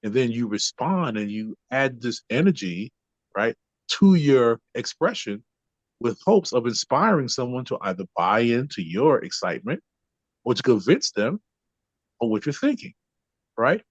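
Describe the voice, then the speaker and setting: A man's voice: medium pitch, big pitch swings, a little slow, dry recording. A man speaking as a podcast guest and trainer, explaining ideas conversationally and checking in with the listener often. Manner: keeps adding "right?" to check in. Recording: dull lo-fi, dry.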